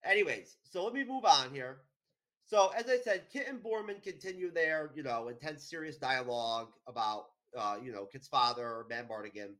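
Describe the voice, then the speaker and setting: A man's voice: medium pitch, expressive, moderate pace, sharp tone. A man from New York co-hosting a podcast, recapping an episode in a rambling, profane way full of "you know" and "um". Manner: rambling, profane, heavy with fillers. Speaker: podcast co-host. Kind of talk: casual recap chat.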